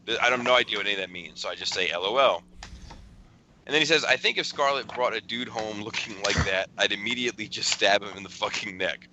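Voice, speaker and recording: A man's voice: on the low side, fast, pushed and bright, slight background noise, low-quality recording. A man hosting a casual podcast, chuckling as he rambles through a friend's text messages. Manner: chuckling, rambling storyteller with restarts. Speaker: podcast host.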